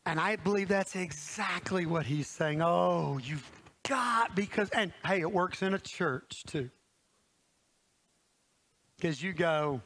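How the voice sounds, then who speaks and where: A man preaching a sermon in a church, folksy and animated, talking straight to his congregation. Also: sits high, measured pace.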